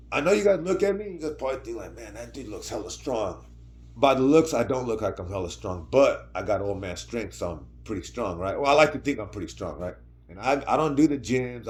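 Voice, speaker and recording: A middle-aged man telling a story to camera in a casual, slangy, rambling way, often asking "right?". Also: mid-range voice. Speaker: vlogger.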